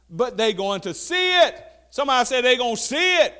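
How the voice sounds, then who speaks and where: A man preaches a sermon in a very high, bright, sharp voice. He draws out scripture slowly and loudly, then answers it in a plain, back-and-forth way, sometimes dropping low and quiet. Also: lively intonation. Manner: drops to a low, quiet aside in between.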